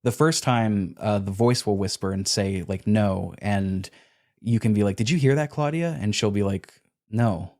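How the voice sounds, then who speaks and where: A man with a fairly low voice talks through a video game on a podcast. He's casual and animated, recounting quests and acting out bits of dialogue along the way. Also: unhurried. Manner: animated retelling, acts out character lines. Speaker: podcast co-host.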